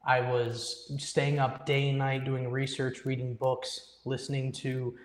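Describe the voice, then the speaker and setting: Young guy telling his story, earnest and emphatic, quotes his own thoughts, mid pitch, lots of room echo. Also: little pitch movement, a little slow. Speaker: guest musician. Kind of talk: personal story in a live interview. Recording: echoey room with long reverb.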